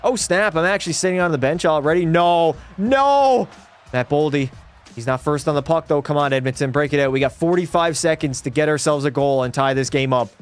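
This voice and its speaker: A young man streaming a hockey video game, commentating live and swinging into frustrated yelling at bad plays. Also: on the high side, steady tone, quick pace, clear, resonant tone, faint music behind. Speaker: gaming streamer.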